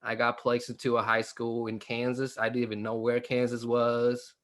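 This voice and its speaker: A young Vietnamese comedian, a stand-up guest in a casual video-call interview, speaks at medium pitch and moderate pace with a completely flat delivery. He jokes and laughs, using many fillers and restarts.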